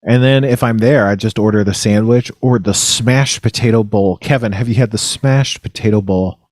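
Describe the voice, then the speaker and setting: A man's voice: fairly low pitch, moderate pace, darkish tone, dry recording. A man hosting a comedy podcast, rambling and goofy, breaking into shocked yelps, on a close microphone. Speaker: podcast host.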